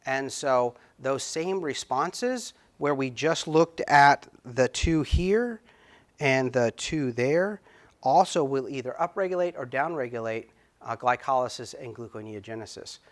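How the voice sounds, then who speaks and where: A middle-aged man talks through a recorded lecture at a medium pitch. He pauses often with fillers and restarts, and slows down to lean on key terms. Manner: halting, stretches key words, many fillers. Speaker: biochemistry lecturer.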